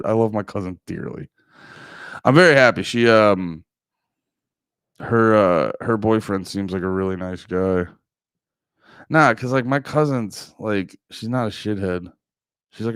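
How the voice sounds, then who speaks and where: A man's voice: low-pitched, vocal fry, clear, resonant tone, no room sound. A man streaming live, chatting casually with his viewers in a rambling, profane, joking way.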